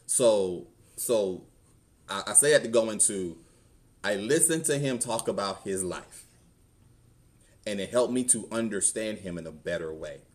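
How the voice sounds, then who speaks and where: A man's voice: on the low side, measured pace, a little mellow. A middle-aged man with a Southern US accent, a pastor telling his own story in a conversational sermon and acting out the voices in it. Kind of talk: testimony sermon. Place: church.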